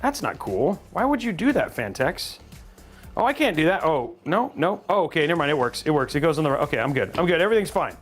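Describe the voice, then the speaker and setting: Male streamer host, lively swinging pitch, mid-range voice, jokey and chatty, faint music behind. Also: fast talker. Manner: animated, jokey, chatting with viewers. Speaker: host of a live PC-building stream. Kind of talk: casual live-stream chat while building.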